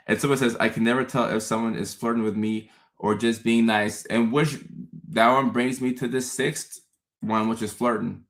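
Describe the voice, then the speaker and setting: Guy on a livestream talking to chat, animated, stumbles and repeats words a lot. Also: lowish voice, fairly quick. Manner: animated, repeats words, acts out his own confused thoughts. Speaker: host. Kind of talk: casual livestream talk to viewers.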